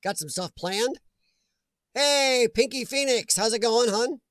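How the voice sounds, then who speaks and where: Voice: medium pitch, measured pace, a bit bright. A chatty host running a casual livestream from home, often breaking into laughter while greeting viewers by name. The voice sits mid-range and sounds dry and close, with no room echo.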